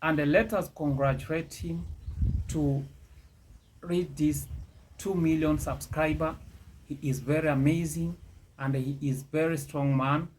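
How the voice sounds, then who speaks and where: A man with a Kenyan accent giving slow, emphatic commentary, talking straight to his viewers. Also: a little high, fairly even intonation, darkish tone, slight background noise. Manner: slow and emphatic, addresses viewers directly, frequent "you know". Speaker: online commentator. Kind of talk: casual commentary monologue.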